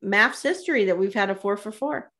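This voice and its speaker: Woman, podcast co-host, casual recap chat, gossipy, animated, middle pitch. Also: fairly quick. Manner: gossipy, animated retelling with quoted asides and laughs.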